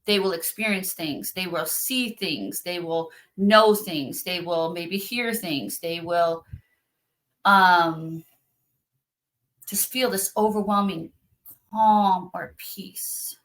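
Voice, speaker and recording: A woman's voice: lowish voice, slow, fairly bright tone, poor audio. A woman who practices spiritual activation, talking casually and earnestly about her work, with many fillers. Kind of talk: casual conversational talk.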